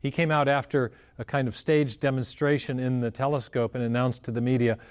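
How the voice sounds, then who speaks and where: A man of ordinary, middle pitch speaks as an interview guest. He explains in a conversational yet earnest manner, building each point carefully on the last. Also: little pitch movement, fairly quick, smooth.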